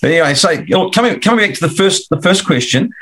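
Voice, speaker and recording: A man's voice: high-pitched, lively intonation, fast, a bit bright. A middle-aged Australian man telling his career story as a guest, rambling and repeating words as he acts out conversations. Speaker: commercial finance broker guest. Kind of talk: casual storytelling interview.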